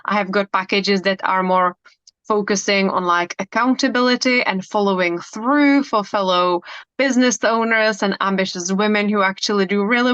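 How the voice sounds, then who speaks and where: A woman's voice: mid-range voice, fairly bright tone, clear, resonant tone, no room sound. A woman speaking as a hypnotherapist guest in a casual interview, earnest and enthusiastic, with many fillers. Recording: dull lo-fi dry sound.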